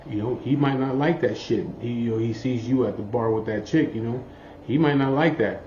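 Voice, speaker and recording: This biker spins a profane, meandering yarn, forever saying "you know what I mean" to his listener. He talks briskly at medium pitch with a darkish tone, captured in a muffled, roomy recording with a little background noise.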